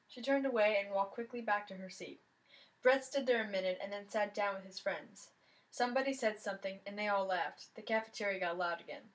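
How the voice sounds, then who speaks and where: A woman's voice: mid-range voice, brisk, rough recording. A woman reading a mystery novel aloud, telling the story in the first person with plenty of expression. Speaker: reader of a novel.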